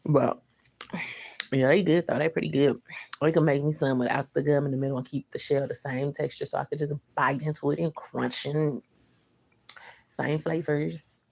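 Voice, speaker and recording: A woman's voice: deep voice, steady tone, normal speed, gravelly, darkish tone. A woman hosting a casual livestream, chatting loosely with viewers in slangy talk, reading their comments aloud and chuckling often.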